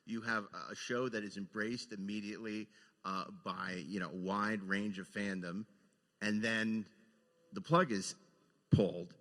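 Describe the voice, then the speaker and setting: A man's voice: on the low side, steady tone, unhurried, pushed and bright, big-room sound. A man hosting a podcast who asks long, leading questions. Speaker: podcast host. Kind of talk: interview questions.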